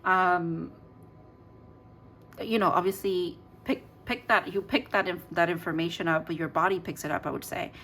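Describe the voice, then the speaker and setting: Woman, tarot reader, low-pitched, rambly casual delivery, faint hiss behind. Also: fairly even intonation, moderate pace, a bit bright. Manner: chatty, rambling with many fillers and restarts.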